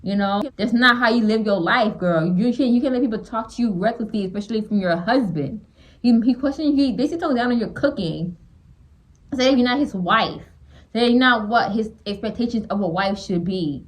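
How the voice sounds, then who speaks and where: A woman's voice: a little high, fairly quick, poor audio. A woman giving blunt, exasperated reaction commentary on a reality show as a small YouTuber, often repeating and restarting her phrases.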